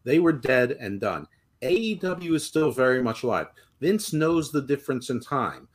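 A man's voice: mid-range voice, big pitch swings, normal speed. A man co-hosting a podcast in a casual debate, explaining his points emphatically and at length. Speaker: podcast co-host.

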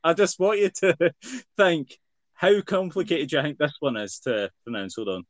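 A man's voice: a little high, moderate pace, no echo. A man with a Scottish accent co-hosting a podcast, teasing and laughing often in casual chat. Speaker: podcast co-host.

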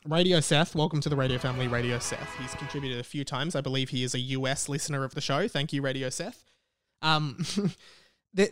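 A young man, hosting a podcast and telling a long story in a casual, rambling way, animated and venting. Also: medium pitch, smooth, no echo, studio quality. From Australia. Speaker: podcast host.

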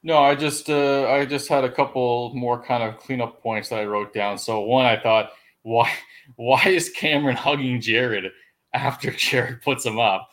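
A man's voice: medium pitch, steady tone, measured pace, fairly bright tone. A man co-hosting a podcast, incredulous and laughing as he makes his points in casual chat. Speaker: podcast co-host.

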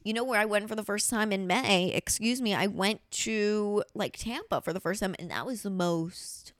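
A woman's voice: mid-range voice, moderate pace, no echo, clean studio sound. A woman comedian hosting a casual podcast chat. She rambles, swears freely and fills her talk with "like.". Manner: rambling and profane, heavy use of "like".

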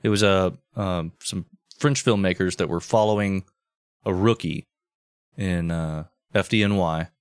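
A man co-hosting a casual podcast, teasing his partner in a deadpan way. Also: low-pitched, measured pace, smooth, no echo, clean studio sound. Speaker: podcast co-host.

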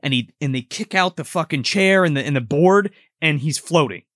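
A man's voice: a little high, normal speed, fairly bright tone, no echo, clean studio sound. A man in casual chat, recapping a show and acting out scenes in quoted voices.

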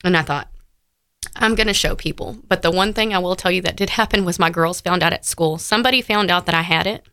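A woman's voice: fairly low pitch, fast, bright, forceful tone, clean tone, no echo, clean studio sound. A woman, an interview guest sharing a personal story in heartfelt detail, with frequent fillers.

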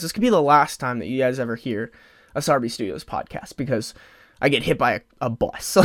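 A man in his twenties talks alone into a podcast microphone, his voice sitting a touch higher than most men's. He rambles, leans on "like" and restarts his sentences, sounding openly emotional. The recording is dry, with no room sound. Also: animated, quick pace, a bit bright, no room sound. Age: 20s. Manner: rambling, heavy use of "like" fillers, frequent restarts; emotional, openly close to tears at times. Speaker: podcast host. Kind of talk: solo podcast chat.

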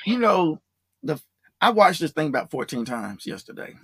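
A podcast host chatting casually, animated and laughing a lot, with drawn-out exclamations. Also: mid-range voice, husky, dry recording. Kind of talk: casual chat.

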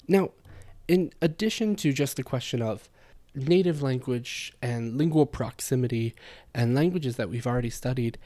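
A man's voice: medium pitch, mellow. A man hosting a language-learning podcast, talking in a chatty, explanatory way with frequent fillers. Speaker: podcast host. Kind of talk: casual spoken podcast monologue.

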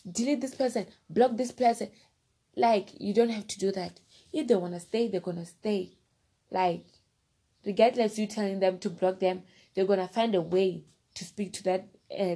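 Her voice sits in the mid range and has a warm tone. She drifts through a casual personal anecdote, circling back on phrases and fillers and frequently speaking straight to whoever is listening.

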